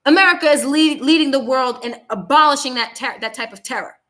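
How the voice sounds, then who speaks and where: A woman's voice: high voice, brisk, a bit bright. A young woman hosting her own commentary show, delivering a heated, blunt monologue and repeating herself for emphasis. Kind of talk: angry political commentary monologue.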